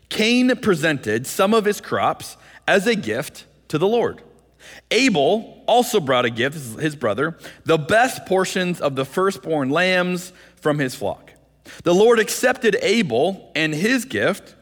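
A male pastor delivers a sermon with earnest energy, slightly high in pitch for a man. He often restarts his phrases and sometimes drops into acted voices. His voice rings out with the long reverb of a church hall. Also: a bit bright. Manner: earnest preaching, acts out voices in quotes, frequent restarts.

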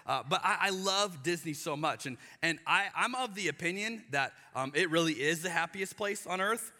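Man preaching, thirties, high and sharply bright voice, animated storyteller, live hall reverb. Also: moderate pace. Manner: animated storytelling, acts out voices with exaggerated emphasis. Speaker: pastor. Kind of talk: sermon. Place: church hall.

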